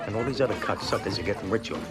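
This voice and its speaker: Man acting as a middle-aged mobster, low voice, griping, crude, TV drama scene, loud music behind. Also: racing, lightly acted. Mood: indignant. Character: middle-aged male mobster, bitter and boastful. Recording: loud music under dialogue.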